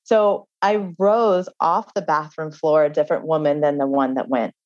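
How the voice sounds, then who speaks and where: Woman author interviewed; lower pitch, dry close sound, earnest anecdotal delivery. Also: steady tone, normal speed, no room sound, lo-fi sound. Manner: earnest, storytelling, frequent "like" fillers. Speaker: author and guest. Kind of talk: interview conversation.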